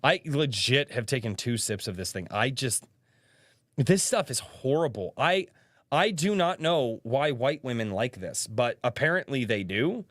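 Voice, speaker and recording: A man's voice: medium pitch, animated, a little slow, a bit bright, dry recording. Chatty man hosting a dry livestream. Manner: chatty storyteller, reads chat aloud. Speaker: livestream podcast host. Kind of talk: casual livestream chat.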